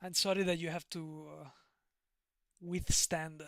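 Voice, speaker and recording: A man's voice: high-pitched, steady tone, slow pace, fairly bright tone, no room sound, studio quality. A man with an Italian accent chatting casually on a live stream, rambling, digressing and laughing often. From Italy.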